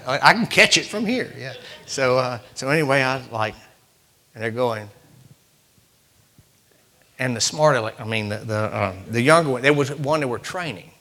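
A man's voice: medium pitch, pushed and bright. A man, preaching by telling a folksy story with rising fervor. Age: 60s. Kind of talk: storytelling sermon.

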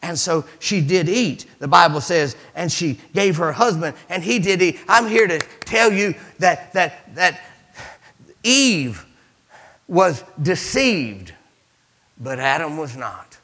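A man preaching a sermon as pastor, animated, with sudden swings between loud emphasis and hushed asides. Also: on the high side, slow.

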